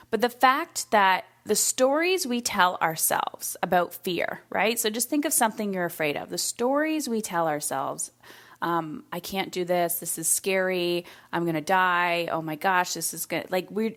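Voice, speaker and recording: A woman hosting a solo podcast in a casual, reflective way, acting out the voices of people she quotes. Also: mid-range voice. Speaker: podcast host.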